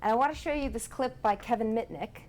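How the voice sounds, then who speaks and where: A woman presenting at a conference workshop, explaining in a lively way. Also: a little high, fast, slight background noise. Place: conference room.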